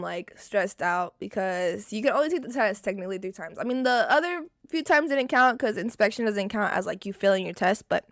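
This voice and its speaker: A young woman vlogger telling a storytime in casual, expressive chat, often swearing. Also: on the high side, no room sound, studio quality. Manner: animated, expressive and profane.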